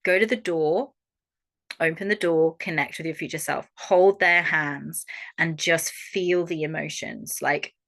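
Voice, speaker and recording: A young Australian woman coaching a workshop audience in a frank, animated way and swearing freely. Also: deep voice, measured pace, creaky. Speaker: holistic coach. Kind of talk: online workshop talk.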